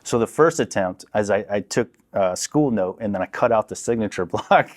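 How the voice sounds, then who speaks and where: A man with a fairly low voice tells a long personal story as a podcast guest. He talks casually and acts out the people in his story with lively voices. He is recorded in a podcast studio. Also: moderate pace. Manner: animated, acts out quoted people.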